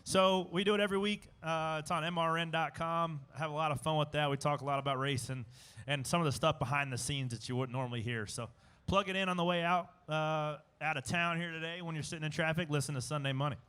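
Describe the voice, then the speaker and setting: A man's voice: on the high side, fairly even intonation, fast, a bit bright, clear, resonant tone. A young man, a race car driver, chatting in a casual interview, rambling with many fillers and restarts. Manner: rambling, self-interrupting, with filler words and laughs. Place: outdoor live show stage at a racetrack.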